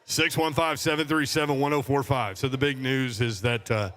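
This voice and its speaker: A man's voice: medium pitch, steady tone, moderate pace, fairly bright tone. A man hosting a sports radio show, running through betting lines and joking with his co-host. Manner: reads betting lines and gives phone number, jokey.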